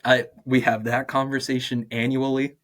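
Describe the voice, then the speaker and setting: A man's voice: mid-range voice, moderate pace. Chatty young man telling teaching stories. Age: 20s. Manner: animated, acts out quoted dialogue, many "like" fillers, laughs often. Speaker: podcast guest, martial arts and PE teacher. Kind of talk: casual interview storytelling.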